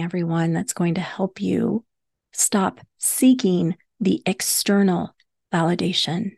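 On her solo self-help podcast, a woman who works as a hypnosis coach teaches in an earnest manner, returning to key points to stress them. Her voice is mid-range and darkish, recorded at studio quality with no echo.

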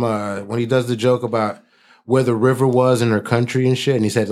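A man's voice: medium pitch, brisk, a little mellow. Brief: man, blunt profane banter on a casual podcast. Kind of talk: crude casual chat.

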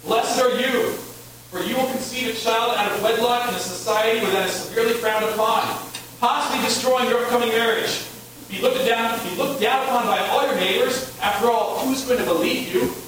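Angel herald, chirpy and loud, high voice, a man putting it on; distant mic, big echo. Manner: bright, mock-cheerful announcing. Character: overly cheerful angel messenger bearing hard news. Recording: echoey hall, distant mic, hum.

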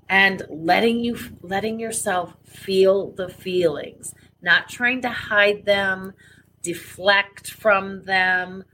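A woman's voice: mid-range voice, bright, forceful tone, a little hiss or hum, low-quality recording. A woman co-hosting a podcast in casual conversation, emphatic and blunt, with many fillers. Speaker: podcast co-host.

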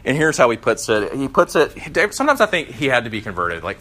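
A man preaching a sermon in a conversational, animated way, with frequent fillers and restarts. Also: medium pitch, fast.

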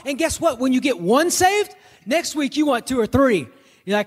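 A man's voice: very high voice, big pitch swings, moderate pace, slightly rough, in a large hall. A man preaching in a casual, joking style on a podcast, telling stories to make his point. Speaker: pastor. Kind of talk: conversational sermon podcast.

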